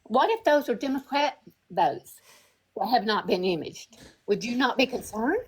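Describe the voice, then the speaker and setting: A woman's voice: on the high side, animated, moderate pace, husky, rough recording. A woman calling into a live show over a remote connection, insistently defending her view and pushing back on the host. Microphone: remote call audio.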